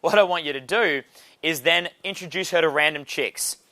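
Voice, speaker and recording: A man teaching a dating seminar in a brash, profane, animated way. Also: a little high, normal speed, no room sound. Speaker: dating coach.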